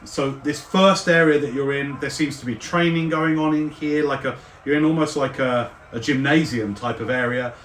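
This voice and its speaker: A man's voice: a little high, fairly even intonation, normal speed, hardly any pauses, fairly bright tone, a little hiss or hum. Roomy-sounding man running a tabletop game. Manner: descriptive, with frequent fillers. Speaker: game master. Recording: roomy, distant mic.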